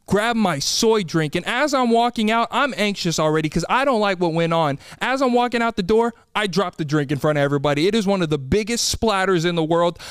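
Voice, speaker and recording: High-voiced exasperated young man. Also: clean tone, no echo. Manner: exasperated, rapid rants with acted-out quotes. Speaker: storyteller. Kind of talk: comedic storytelling.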